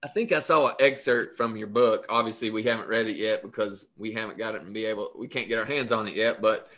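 A man's voice: on the low side, fast, a bit bright. A man interviewing an author, asking about his book. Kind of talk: interview questions.

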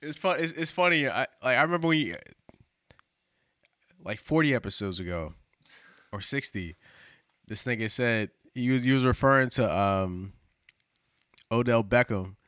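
A man's voice: mid-range voice, expressive, moderate pace, pauses often, a bit bright, dry recording, clean studio sound. A man co-hosting a podcast, talking in a loose, rambling way with lots of fillers and swearing. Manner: rambling, profane, with many fillers. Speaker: podcast co-host. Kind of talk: casual chat.

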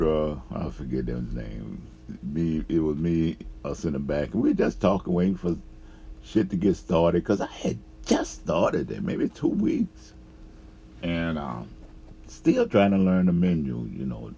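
Very deep, gravelly man telling stories. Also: mellow. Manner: profane, laughs often, trails off with fillers. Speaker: storyteller. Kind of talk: casual rambling storytelling.

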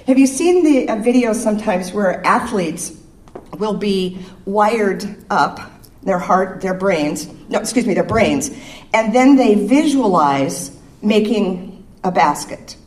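A woman leads a casual spiritual talk, joking with her listeners and guiding them through breaths. Her voice is mellow and soft-edged. It sounds distant from the mic and rings through a roomy hall. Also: mid-range voice, expressive, slow pace. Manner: playful, chatty, laughs with the audience. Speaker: speaker at a spiritual service. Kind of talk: informal sermon with breathing exercises. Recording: echoey room, distant mic.

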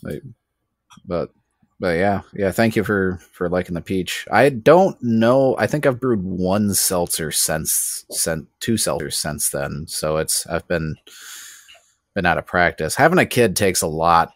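A man's voice: sits low, lively intonation, measured pace, no echo, studio quality. A man co-hosting a casual podcast chat, laid-back and agreeable, a new parent. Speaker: podcast co-host.

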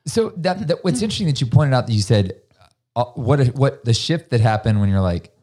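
Middle-aged male host, dark mellow tone, thoughtful, conversational. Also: medium pitch, expressive, fairly quick. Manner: thoughtful, conversational, quoting scripture. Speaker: podcast host. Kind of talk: casual faith podcast chat.

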